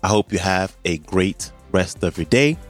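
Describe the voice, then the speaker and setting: A man hosting a podcast, wrapping up the episode with thanks and links in a relaxed way. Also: deep voice, moderate pace. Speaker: podcast host. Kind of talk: podcast outro. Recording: dry mic with faint music bed.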